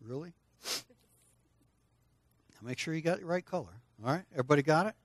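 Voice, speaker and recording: Speaking fairly quickly in a fairly high pitch, an older man preaches to children at church, coaxing them to take part and respond aloud. He's animated and direct with his young audience, and the studio-quality audio has no echo.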